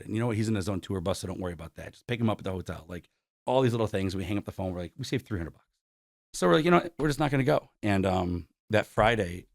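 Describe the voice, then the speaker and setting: A concert promoter from Buffalo, New York, in his forties, speaks in a low voice while telling stories as a guest. He dramatizes quoted exchanges and says "like" often. The sound is clean studio audio with no room sound.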